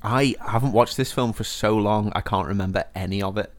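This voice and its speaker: Brief: man, podcast co-host, easygoing, laughs a lot, quick with a comeback. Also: on the low side. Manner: laughs easily, quick banter. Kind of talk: casual drunken film podcast chat. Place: usual podcast recording room.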